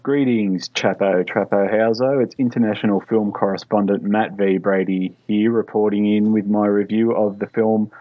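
A man voicing a mock Australian male film correspondent, putting on an Australian accent and delivering a deadpan comic review. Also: on the low side, moderate pace, hardly any pauses, no echo, phone-quality sound, lightly acted. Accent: put-on Australian. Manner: deadpan mock review, dry one-liners. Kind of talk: comedy sketch monologue.

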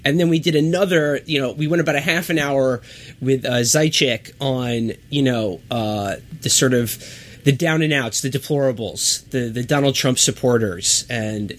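Joking, swearing podcast host man. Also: mid-range voice. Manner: joking, loose, swears freely. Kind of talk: casual podcast banter.

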